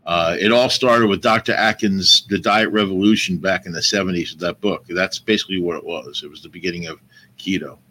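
A man's voice: low voice, fairly quick, bright, forceful tone, a little hiss or hum. A man in his sixties, a cooking show host who chats easily and explains things patiently as a guest. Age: 60s. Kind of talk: casual chat.

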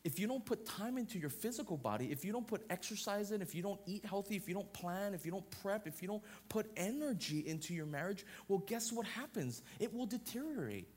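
Thirties male pastor preaching with punchy repeated phrases; voice sits a little high. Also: expressive, brisk, few pauses. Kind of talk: sermon.

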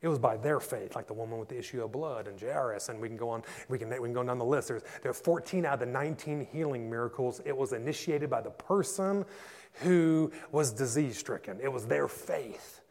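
A man, a pastor, preaching a passionate sermon and telling stories that build to loud peaks. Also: mid-range voice, brisk. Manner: passionate storytelling, rising to shouts in climaxes. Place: church. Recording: echoey church hall.

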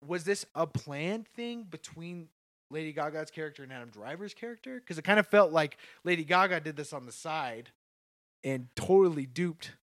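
Animated man chatting about movies. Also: on the high side, moderate pace, no room sound. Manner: animated, laughs often, swears casually. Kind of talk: casual movie discussion.

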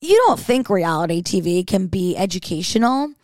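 A woman's voice: lowish voice, lively intonation, normal speed, darkish tone, no echo, studio quality. A woman hosting a podcast, talking in a chatty, rambling way full of fillers. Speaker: podcast host. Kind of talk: casual solo chat.

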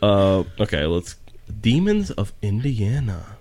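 Lively low-voiced man hosting a podcast. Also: slow. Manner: rambling, jokey, reads aloud from notes with stumbles. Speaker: podcast host. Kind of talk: casual podcast chat.

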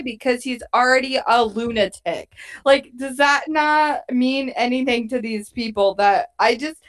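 Woman co-hosting a show recap podcast, lively, swears a lot, jumps into quotes. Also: high-pitched. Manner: animated, swearing, acts out quotes. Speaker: podcast co-host. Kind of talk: casual recap chat about a TV show.

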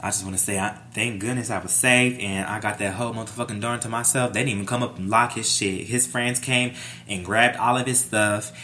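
A young adult man vlogging a casual storytime, animated and profane, playing up every scene. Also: on the low side, a little fast, a little hiss or hum.

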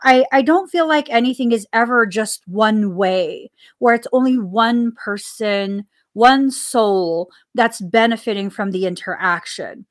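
A woman's voice: fairly high pitch, measured pace, hardly any pauses. A woman hosting a casual spiritual podcast, talking earnestly and repeating phrases for emphasis. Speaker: podcast host. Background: coffee sips between remarks.

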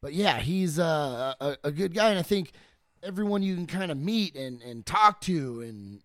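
A man's voice: on the high side, lively intonation, moderate pace, dry recording, clean studio sound. A man in casual chat, telling stories animatedly with many fillers.

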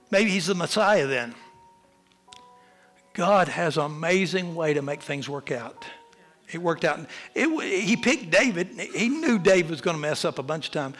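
Impassioned preacher, high voice. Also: male voice, lively intonation, moderate pace, a bit bright, faint music behind. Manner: impassioned preaching, rising and falling in pitch and volume. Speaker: pastor. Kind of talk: sermon. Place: church.

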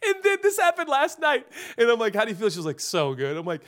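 A man in his forties preaching a comedic sermon, animated and jokey, turning earnest. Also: very high voice, fairly quick. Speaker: pastor.

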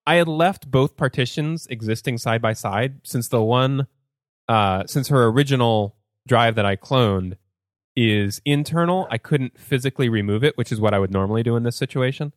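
A man hosting a casual tech podcast, talking in a rambling way with fillers and self-corrections. His voice sits at an ordinary pitch for a man. The sound is dry and close, with no room around it. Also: moderate pace, dry recording. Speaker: podcast host.

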